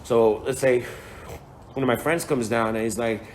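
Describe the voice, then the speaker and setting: A man tells a spiritual story in a loose, slangy lecture and drops swear words and chuckles along the way. His voice sits at an everyday pitch. A faint hiss lies under the recording. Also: moderate pace. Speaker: spiritual speaker.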